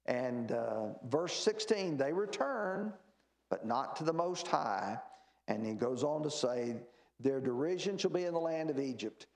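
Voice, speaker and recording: A man's voice: medium pitch, lively intonation, measured pace, echoey room. A man leading a church Bible study, reading scripture aloud with rising emphasis and explaining it plainly with fillers. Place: church meeting room.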